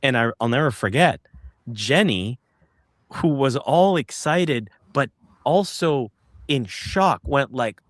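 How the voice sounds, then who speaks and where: Slow, halting man telling a story. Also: mid-range voice, animated, no room sound. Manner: halting, searching for words with many restarts. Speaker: interview guest recounting a sighting. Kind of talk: casual storytelling in an interview.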